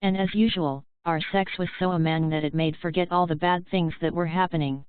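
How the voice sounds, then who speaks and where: A woman reads a first-person novel aloud at a steady, measured pace. Her voice is slightly low and very clean. The sound is dry and thin, like a phone line. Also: smooth, dry recording. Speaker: audiobook reader. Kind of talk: first-person audiobook narration.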